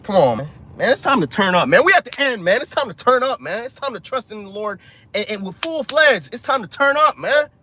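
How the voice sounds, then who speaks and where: A man's voice: sits high, very animated, brisk, bright, forceful tone, slight background noise. A man preaching an informal street sermon, urgent and profane, ending lines with "man" and "bro".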